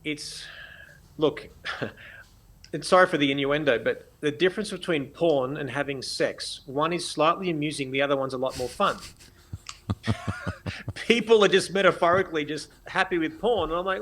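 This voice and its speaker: A man with an Australian accent, a podcast guest telling stories in an animated, blunt way and acting out conversations. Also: on the high side, normal speed, a little hiss or hum. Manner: animated, acts out dialogue, blunt and profane. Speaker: guest, photographer. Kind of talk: podcast interview storytelling.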